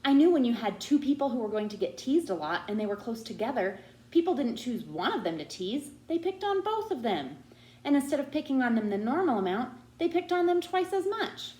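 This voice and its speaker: A woman reading a children's novel aloud, narrating in an expressive, animated way. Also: high voice, fairly quick. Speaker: audiobook reader. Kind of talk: storytelling narration. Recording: roomy echo.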